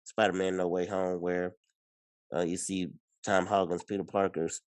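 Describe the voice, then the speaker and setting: A man co-hosting a podcast, chatting casually, excitable and rambling with many restarts. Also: deep voice, moderate pace, dry recording. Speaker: podcast co-host. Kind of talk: casual chat.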